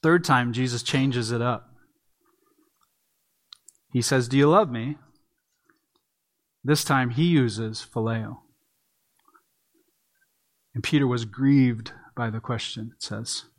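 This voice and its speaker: A man's voice: medium pitch, steady tone, slow, pauses often. A man preaching an earnest expository sermon, leaning on emphatic repeats. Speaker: pastor.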